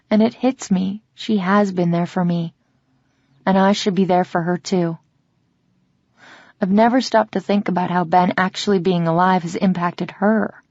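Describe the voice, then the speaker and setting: A woman reading a first-person romance audiobook in a measured, reflective way, in a slightly dull, dry recording. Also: fairly low pitch, steady tone, a little mellow, no room sound. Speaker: audiobook narrator.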